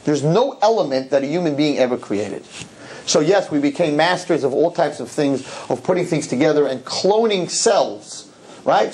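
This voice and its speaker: A man giving a humorous, animated talk to a live audience, full of rapid asides and repeated words. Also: a little high. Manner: animated, joking, rapid-fire asides and repetitions. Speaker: rabbi giving a public talk.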